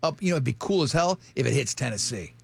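Gravelly, animated male show host. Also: mid-range voice, quick pace, no room sound. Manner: rambling, animated storytelling with restarts. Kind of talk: casual studio banter.

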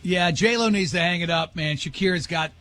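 A man's voice: sits high, normal speed, sharp tone, faint music behind. A man hosting a morning radio show, rambling and joking in casual banter.

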